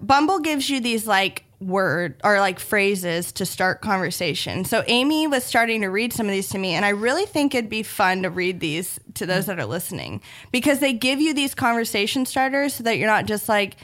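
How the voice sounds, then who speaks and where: A woman's voice: mid-range voice, lively intonation, normal speed, few pauses, fairly bright tone. A young woman hosting a podcast, chatting casually and teasing her guest in a friendly way. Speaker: podcast host.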